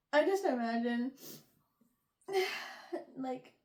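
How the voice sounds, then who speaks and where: A woman's voice: high voice, a little mellow. A young woman hosting a casual book review chat, giggling and acting out the characters' lines. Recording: echoey room.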